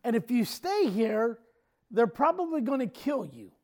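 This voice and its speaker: Man doing a calm no-nonsense mother. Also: on the high side, unhurried. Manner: calm, matter-of-fact.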